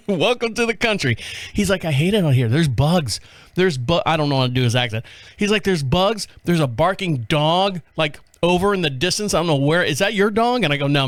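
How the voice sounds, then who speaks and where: High-voiced man hosting a rambling podcast. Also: fairly bright tone, no echo. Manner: rambling and joking, with laughs and profanity. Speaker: podcast host. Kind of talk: casual storytelling monologue.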